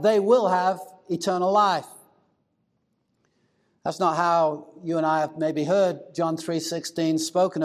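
A male pastor preaching a sermon, deliberate and emphatic, slowing down to stress key words. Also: sits high, a little mellow.

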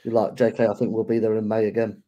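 Young guy on a football podcast, measured, pretty monotone, soft dark voice. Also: lowish voice, lo-fi sound. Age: young adult. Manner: measured, even, reflective. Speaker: podcast co-host. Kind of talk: casual chat.

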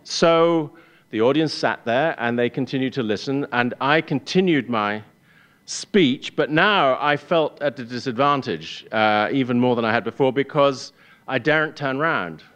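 A man's voice: mid-range voice, fairly bright tone, lo-fi sound. English guy telling a story on stage, dry self-mocking humor, stops and restarts a lot. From England. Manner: wry, self-deprecating, halting restarts. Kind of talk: live personal storytelling. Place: stage before a live audience.

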